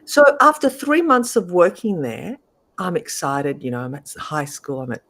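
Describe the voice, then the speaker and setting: Middle-aged woman, guest, casual storytelling, lower voice, swooping pitch. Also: normal speed. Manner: lively, animated, laughs often.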